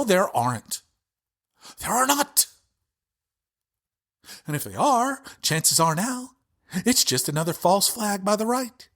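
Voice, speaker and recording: Man, podcast host, political rant, fired up, swears a lot, very lively pitch. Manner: impassioned, profane, emphatic.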